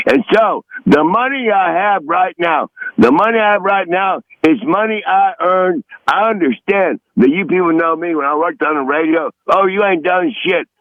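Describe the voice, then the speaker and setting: A gravelly older man in his sixties rants, combative and foul-mouthed, jumping from one grievance to the next. His voice has a rough, fried edge. It comes through dull and dry, like a muffled phone line. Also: sits high, dry recording. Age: 60s. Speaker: regular comedic guest. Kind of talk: profane rant on a phone-in podcast.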